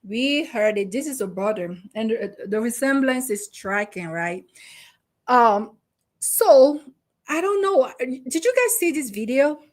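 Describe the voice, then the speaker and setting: A talkative woman host in her young adult years gives her opinions in a casual, chatty way. She keeps asking rhetorical questions and turning to her co-host. Her voice sits a little on the high side. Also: animated, unhurried. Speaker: relationship coach and host. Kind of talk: casual commentary chat.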